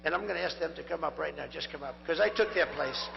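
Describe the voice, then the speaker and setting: A man's voice: on the high side, fast talker, vocal fry. A man in his seventies giving a rambling, repetitive campaign rally speech, his voice strained and tiring. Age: 70s. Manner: rambling, repetitive, boastful asides. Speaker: political candidate. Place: large rally venue. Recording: dull echoing hall feed with hum.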